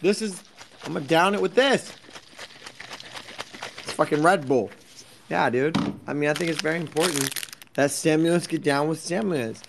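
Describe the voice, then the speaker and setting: A young man with a gravelly edge on a fairly high voice rants in loud, sarcastic, profane bursts. He jumps from topic to topic in casual, rambling banter. Faint background noise sits under his voice. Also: normal speed. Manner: loud, swearing, jumpy and sarcastic. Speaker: crypto space host. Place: office at night.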